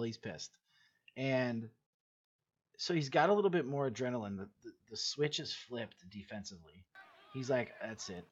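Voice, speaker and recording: Reviewing game film with his team, a man speaks in a mid-range voice, blunt and casual, with repetition and occasional swearing. The dull lo-fi recording carries a little hiss or hum.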